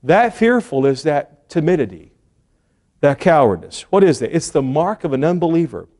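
A man with a fairly high voice delivers a sermon. He speaks earnestly, pausing and repeating words, and acts out the quotes he cites. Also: very animated, mellow. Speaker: preacher.

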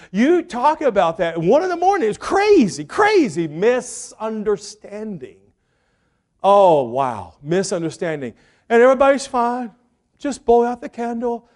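A middle-aged man preaching, telling a lively family story and shouting the quoted lines. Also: sits high. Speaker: pastor. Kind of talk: sermon storytelling.

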